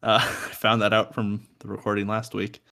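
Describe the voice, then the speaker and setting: Young guy w a lowish voice cohosting a music podcast from home, jokey, swears a lot, laughs a bunch. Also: monotone, normal speed, creaky, sharp tone. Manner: joking, swears, laughs often. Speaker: podcast co-host. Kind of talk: casual podcast chat about music. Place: home room by a window.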